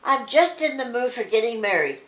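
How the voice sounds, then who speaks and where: Older woman playing a rowdy silly young man, high and bouncy, storybook, roomy echo. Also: sing-song, fairly quick. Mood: boisterous. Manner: shouting, boisterous. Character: cheeky foolish young man, loud and merry.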